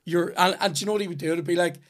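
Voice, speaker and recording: A man's voice: high-pitched, fairly even intonation, rapid-fire. A man in his thirties with a Northern Irish accent, hosting a podcast and telling long, rambling, sweary stories in casual chat. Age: 30s. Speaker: podcast host.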